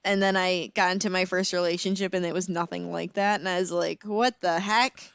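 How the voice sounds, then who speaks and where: A young woman co-hosts a podcast in relaxed, casual conversation. She tells her stories with animated, dramatic flair and laughs often. Her voice is smooth and resonant, recorded dry and close. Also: fairly low pitch, fairly quick, no echo. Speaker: podcast co-host. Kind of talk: casual chat.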